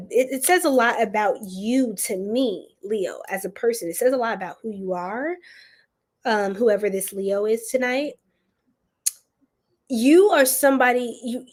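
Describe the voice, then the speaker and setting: A woman giving a chatty live-streamed tarot reading, greeting chat viewers affectionately and using casual slang. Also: fairly high pitch. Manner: uses slang like y'all and boo. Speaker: tarot reader.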